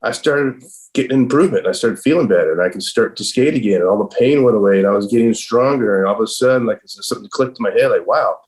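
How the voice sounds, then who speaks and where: Middle-aged male podcast guest, deep and low, rambling storyteller who swears freely. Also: quick pace, a little mellow, low-quality recording. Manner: rambling and profane, heavy use of "like" and "I'm all". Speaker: podcast guest, professional skateboarder. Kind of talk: casual storytelling.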